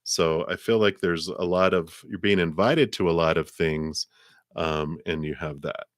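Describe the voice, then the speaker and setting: A man's voice: sits low, steady tone, unhurried, dry recording, clean studio sound. A middle-aged man giving a live tarot reading to a viewer, musing aloud with frequent chuckles and repeated words as he searches for the right ones. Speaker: tarot card reader.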